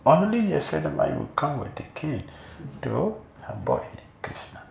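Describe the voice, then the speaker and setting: Gravelly-voiced man preaching in an echoey hall. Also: on the high side, moderate pace. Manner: animated storytelling with laughter. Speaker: monk preacher. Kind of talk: sermon. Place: temple hall. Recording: echoey room, faint noise.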